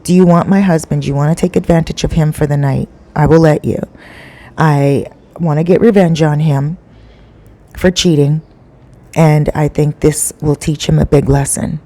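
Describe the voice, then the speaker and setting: A calm, scheming wife, as a woman storyteller puts her on, giving steady, matter-of-fact orders. The voice stays low and mellow, close to the teller's own. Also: normal speed.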